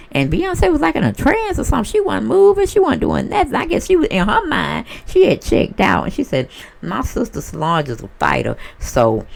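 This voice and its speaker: A woman giving a casual celebrity gossip monologue, sassy and animated, acting out what other people might have said. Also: low voice, creaky. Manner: sassy, animated storyteller who acts out other people's voices.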